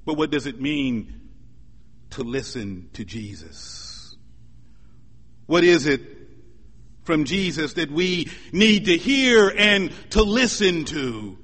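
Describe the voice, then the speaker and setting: A high-voiced man delivers a sermon at an unhurried pace. He preaches in a measured, emphatic way and builds his points through repetition. His voice rings out with the long reverb of a church hall. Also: big pitch swings, a bit bright. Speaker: pastor.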